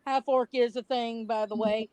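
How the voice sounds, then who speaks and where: A woman's voice: on the high side, fairly even intonation, moderate pace, darkish tone, clean tone, no room sound, rough recording. A woman co-hosting a livestream, blunt and indignant, mocking what others say. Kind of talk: casual ranting chat.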